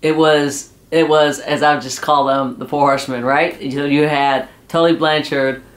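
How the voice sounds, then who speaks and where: A man's voice: fairly high pitch, fairly even intonation, measured pace. A man casually recapping a wrestling episode, rambling with lots of "uh" and "you know.". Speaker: wrestling show reviewer.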